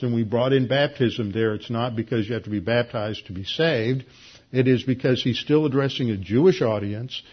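A man giving a Bible class lecture, explaining at a measured pace with frequent filler pauses. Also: mid-range voice, breathy edge, lo-fi sound. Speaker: Bible teacher.

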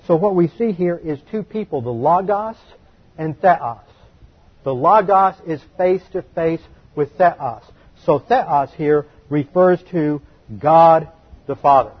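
Husky man teaching a Bible study. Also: a little high, muffled recording. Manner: explanatory, emphatic, slows to stress key words.

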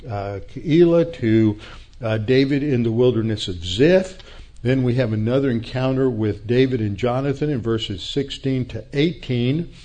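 Mellow-voiced man teaching Bible study. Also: mid-range voice. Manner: unhurried, thinking aloud with many fillers and restarts; explanatory, asks and answers his own questions. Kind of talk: Bible study lecture with map.

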